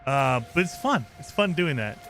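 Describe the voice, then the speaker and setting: A man streams a game and chats casually with his viewers, joking, teasing, and laughing often as he gives live commentary. His voice sits on the high side, very animated and fairly bright, at a normal speed. Soft music plays in the background.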